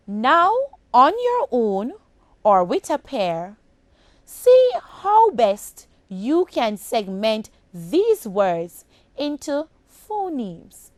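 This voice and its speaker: A woman teaching a phonics lesson to children on broadcast television, speaking slowly and enunciating each sound with care. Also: a little high, very animated, dry recording. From Jamaica. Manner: slow, deliberate, clearly enunciated.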